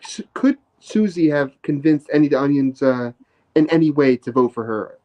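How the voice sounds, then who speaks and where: A man's voice: fairly high pitch, moderate pace, mellow. Hesitant man on a muffled call. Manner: hesitant, restarts and hedges often. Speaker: guest on a stream. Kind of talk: casual live-stream chat.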